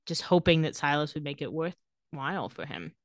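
A woman co-hosting a podcast, telling the story in an animated, casual way. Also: deep voice, moderate pace, dry recording, studio quality. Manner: animated storytelling, laughs often. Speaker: podcast co-host. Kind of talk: casual recap chat.

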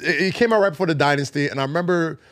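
A man's voice: fairly high pitch, rapid-fire, a bit bright, no echo, clean studio sound. A man co-hosting a casual hip-hop chat, explaining his views at length and laughing easily. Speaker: podcast co-host.

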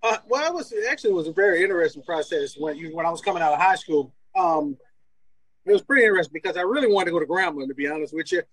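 A man's voice: high-pitched, racing, breathy edge, dry recording, rough recording. A man from Louisiana, a former college football player, telling stories casually as an interview guest, laughing often and acting out what people said. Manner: animated, laughs often, acts out quoted dialogue. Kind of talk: casual storytelling.

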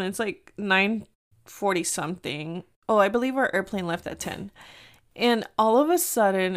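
Mexican-American woman, 30s, podcast host; chatty, animated storyteller with Spanish asides. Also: medium pitch. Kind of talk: casual storytelling chat.

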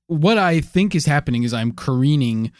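A man co-hosting a comedy podcast, telling an absurd story in a rambling, deadpan way full of fillers. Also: on the high side, moderate pace, dry recording, clean studio sound. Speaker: podcast co-host. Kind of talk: casual storytelling.

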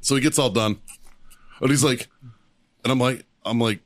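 A man co-hosting a podcast, telling a profane story in a casual, animated way and acting out the shouting in it. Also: medium pitch, normal speed, dry recording. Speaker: podcast co-host.

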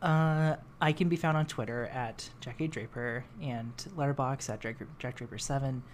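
Male co-host, mid-pitched, easygoing delivery full of fillers, slight background noise. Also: normal speed. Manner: relaxed, hesitant with many fillers. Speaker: podcast co-host. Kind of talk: casual film podcast chat.

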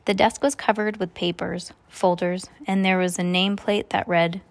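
A woman's voice: on the low side, level tone, moderate pace. A woman reading a novel aloud in a casual way, with small slips and asides. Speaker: reader.

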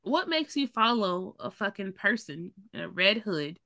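Animated, bright-voiced woman podcast co-host. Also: medium pitch, measured pace, no room sound, studio quality. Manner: blunt, exasperated, swears freely. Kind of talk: casual movie discussion.

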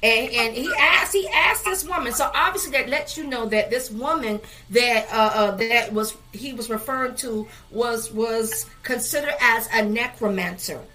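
A woman's voice: fairly high pitch, moderate pace, hardly any pauses, sharp tone. A woman leading a Bible study, preaching fervently with frequent amens and hallelujahs and many fillers.

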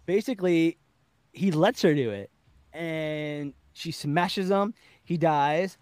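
Animated, higher-voiced man recapping a show. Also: measured pace, no echo. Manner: animated storytelling, laughing often, acting out quotes. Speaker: podcast host. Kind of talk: casual chat, recapping a TV episode.

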